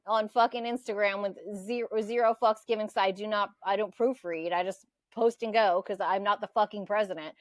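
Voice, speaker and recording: A woman's voice: fairly high pitch, no room sound, clean studio sound. A woman co-hosting a podcast, ranting in a heated, profane, casual political chat. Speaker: podcast co-host.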